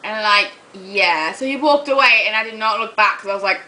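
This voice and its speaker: A young woman ranting to her camera in a casual vlog, chatty and animated, swearing as she tells stories. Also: on the high side, brisk, few pauses, rough recording. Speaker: vlogger.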